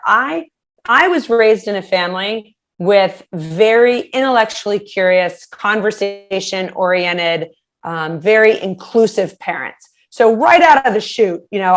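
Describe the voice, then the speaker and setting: A woman giving practical communication advice as an interview guest, talking animatedly and acting out example phrases. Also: medium pitch. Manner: animated, acts out quoted phrases in shifting voices.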